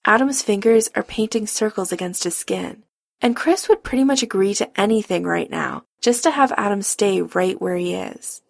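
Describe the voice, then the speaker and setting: An audiobook narrator, a woman with a gravelly, mid-range voice, reads a romance story from a script at normal speed. The recording is dry and has studio quality.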